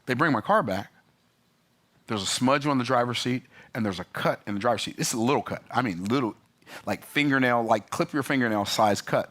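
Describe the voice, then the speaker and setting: A man telling a story and ranting about customer service, emphatic and animated with sudden pitch jumps. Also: fairly quick. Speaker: business vlogger. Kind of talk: opinionated talking-head rant.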